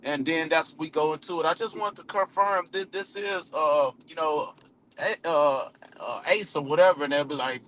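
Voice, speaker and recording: A man's voice: fairly high pitch, fairly even intonation, moderate pace, a bit bright. A man coaching cold calling in a casual live chat, talking loosely with many restarts and acting out both sides of phone calls. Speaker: real estate coach.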